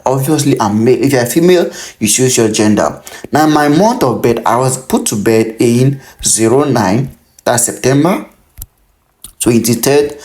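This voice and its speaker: A man's voice: medium pitch, a little mellow. A man in his thirties from Cameroon, hosting a step-by-step tutorial and talking the viewer through filling in an online form, often repeating that they must pay close attention. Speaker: tutorial host. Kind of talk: screen-recorded how-to walkthrough.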